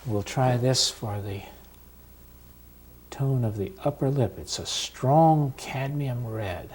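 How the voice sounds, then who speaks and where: A male instructor talks through an oil painting demonstration at a slow, unhurried pace. His voice sits at an ordinary middle pitch, calm and steady. He pauses often as he works. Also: breathy edge.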